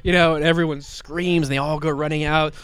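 A man with a slightly higher voice who is fighting off a mild cold. He retells a comic book in loose, rambling chat, with plenty of "like" and "um" and restarts. It sounds like a relaxed podcast co-host talking with a friend. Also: a little fast, clear, resonant tone. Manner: rambling, many fillers and restarts.

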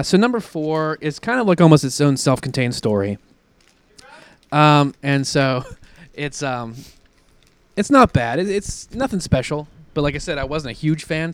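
A man chatting casually as a co-host, his voice smooth and clear. He rambles through plot summaries, laughing often. The sound is close and dry, with no room around it. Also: mid-range voice, no echo. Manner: rambling, laughs often, fillers while retelling plots. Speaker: podcast co-host reviewing comics. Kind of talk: casual chat.

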